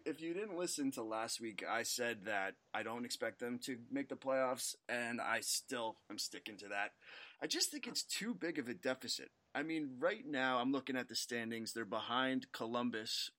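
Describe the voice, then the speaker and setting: A man's voice: medium pitch, pushed and bright. Man in easygoing sports podcast chat. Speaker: podcast co-host.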